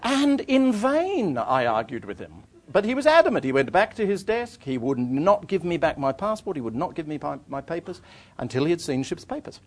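A man's voice: on the high side, very animated, fairly quick. A middle-aged man, an author telling a story to an audience. He rambles and restarts and makes fun of himself. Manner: rambling, self-deprecating, frequent restarts. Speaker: author giving a talk.

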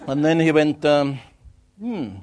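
A man's voice: medium pitch, expressive, normal speed. A middle-aged man, an author telling a story to an audience. He rambles and restarts and makes fun of himself. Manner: rambling, self-deprecating, frequent restarts. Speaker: author giving a talk.

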